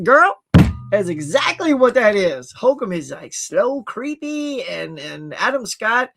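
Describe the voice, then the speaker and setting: Guy hosting a home movie stream, super lively up-and-down voice, laughs at himself a lot. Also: high voice, vocal fry. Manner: animated, chatty, laughs at himself. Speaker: livestream host. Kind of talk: casual livestream chat about movie releases. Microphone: computer with HD webcam.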